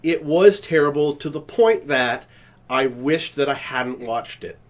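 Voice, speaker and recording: A man's voice: a little high, a little slow. A man co-hosting a podcast in casual chat, rambling through stories and acting out the scenes he describes. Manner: animated storyteller acting out scenes; rambling with restarts. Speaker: podcast co-host.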